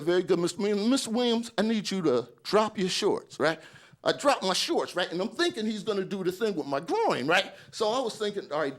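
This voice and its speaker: With a high voice, this forties-aged comic spins a stand-up story, acting out what other people said. He repeatedly checks in with the audience by asking "right?"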